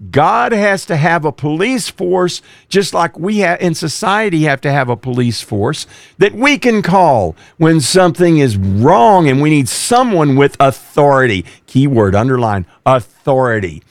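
A man's voice: a little high, sing-song, a little slow, vocal fry, no echo. A man who used to be a police officer, preaching emphatically as a radio show host. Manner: emphatic, rising to forceful exhortation. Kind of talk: preaching talk.

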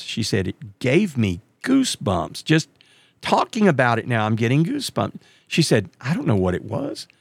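A middle-aged man tells a long story in a casual monologue. His gravelly voice rises and falls a lot, and it jumps high whenever he quotes someone else. The sound is dry and close, with no room echo. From Texas. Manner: animated, jumps way up in pitch when quoting others.

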